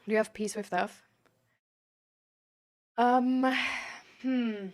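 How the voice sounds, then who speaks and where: A woman's voice: a little high, steady tone, extremely slow, a little mellow. A young woman streaming and answering chat questions in casual talk, rambling with lots of "like" and "um". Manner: rambling, fills every phrase with "like" and "um".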